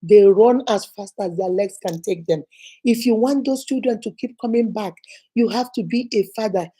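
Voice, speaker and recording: A woman's voice: medium pitch, moderate pace, dark tone, husky. A woman hosting an inspirational channel, giving an emphatic, repetitive, preacher-like motivational talk and acting out quoted speech.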